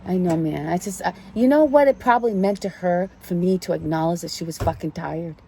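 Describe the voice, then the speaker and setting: A woman's voice: fairly low pitch, brisk, creaky, dark tone, a little hiss or hum. A woman giving a casual spiritual card reading in a preachy, emphatic way, repeating her key phrases. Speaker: tarot card reader.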